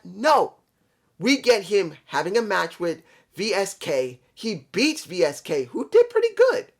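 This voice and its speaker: A man from New York rants through a wrestling review. He talks bluntly and swears freely. His pitch swings up and down as he speaks to his subscribers. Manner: blunt, profane, frustrated, addresses subscribers. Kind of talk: ranting casual review.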